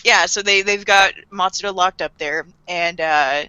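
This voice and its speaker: A woman's voice: fairly low pitch, measured pace, clean tone, no room sound, highs cut off. A woman casually recapping an anime episode, laughing often and acting out characters' lines. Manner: animated retelling with laughs and voiced quotes. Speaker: podcast co-host.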